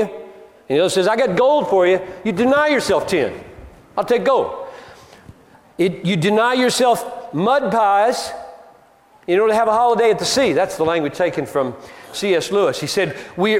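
A man's voice: high-pitched, expressive, normal speed. A man preaching a sermon, emphatic and argumentative, driving his points home with rhetorical questions. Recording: long reverb of a large hall.

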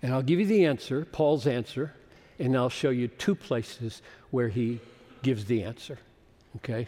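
Impassioned older man preaching in a reverberant hall. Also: medium pitch. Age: 70s. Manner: impassioned preaching, rising to loud peaks. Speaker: pastor. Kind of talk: sermon.

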